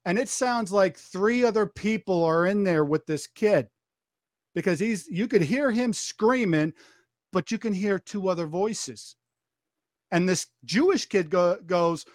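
In a casual podcast chat, a high-voiced man tells a story a little slowly, acting out every quoted line and often restarting or repeating phrases. The recording is close and dry, without any room sound.

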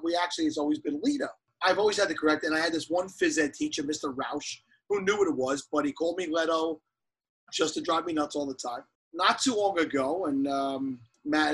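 Husky new york guy in his 40s, bright voice, tells stories acting out everyone. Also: on the high side, low-quality recording. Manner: animated storyteller, acts out quotes. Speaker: guest. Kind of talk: casual podcast chat.

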